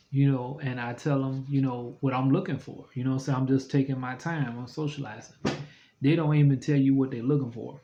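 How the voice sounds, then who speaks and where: A man telling stories casually to the camera, chatty and animated, rambling and laughing often. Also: medium pitch, a little fast, highs cut off. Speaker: vlogger.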